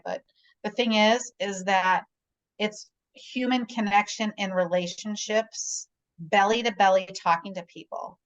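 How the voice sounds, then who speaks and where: A woman's voice: mid-range voice, rough recording. A middle-aged woman, a guest realtor, chatting casually on a video call and telling stories, often checking in with "right?". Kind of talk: casual conversation.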